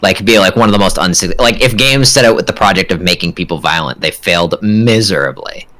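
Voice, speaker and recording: A young man in a casual chat, talking earnestly and thinking out loud with restarts. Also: low voice, fast talker. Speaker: podcast co-host.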